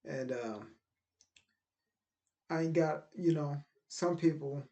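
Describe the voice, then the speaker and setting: A man from Middle Tennessee with a softened Southern accent, talking casually to camera with lots of fillers and turning blunt and emphatic. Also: fairly high pitch, slow. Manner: loose, rambling, frequent "you know" fillers; grows emphatic and blunt, with swearing. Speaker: vlogger. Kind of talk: casual motivational talk to camera.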